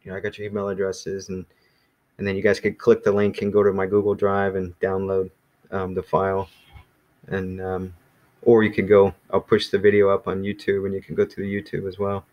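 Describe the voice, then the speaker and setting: A man teaching an online language class in a relaxed, rambling way with many fillers, speaking over a video call. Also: low voice, a little fast, muffled recording. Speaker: Greek teacher.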